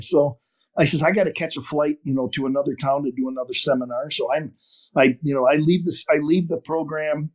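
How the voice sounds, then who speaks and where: An older man from northern Wisconsin telling a long story in an interview, animated and full of restarts. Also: on the high side, moderate pace. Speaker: podcast guest, fishing TV host. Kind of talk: storytelling interview over a call.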